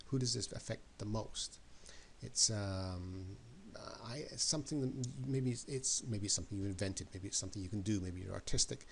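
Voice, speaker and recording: A man's voice: fairly low pitch, moderate pace, vocal fry, a little hiss or hum. A man giving an emphatic motivational talk, often repeating words and questions for effect. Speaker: motivational speaker.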